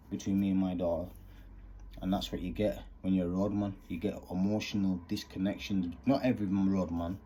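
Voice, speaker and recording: Deep earnest man. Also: mellow, a little hiss or hum. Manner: earnest, rambling, street slang. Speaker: vlogger. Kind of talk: candid monologue.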